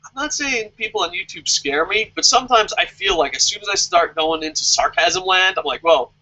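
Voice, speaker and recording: A man with a bright, tense voice that sits a little high holds forth on his own vlog. He is animated and sarcastic, and he swears casually while answering viewer questions. The recording sounds dull and lo-fi. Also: fairly quick. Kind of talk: casual opinionated commentary.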